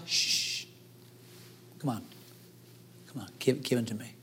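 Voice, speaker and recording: A man preaching a sermon as pastor, acting out voices and swinging between hushed and loud delivery. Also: fairly high pitch.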